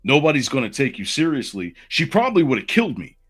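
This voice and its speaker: Animated man telling a rambling story. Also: mid-range voice, fast, breathy edge, soft background music. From Southern United States. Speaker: podcast co-host. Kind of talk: casual storytelling.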